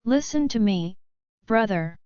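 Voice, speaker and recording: A concerned, protective brother talks with earnest urgency, voiced by a woman reading the story. The delivery is slow and very smooth. The sound is dry and slightly dull. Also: medium pitch, animated, a little mellow, dry recording, lightly acted.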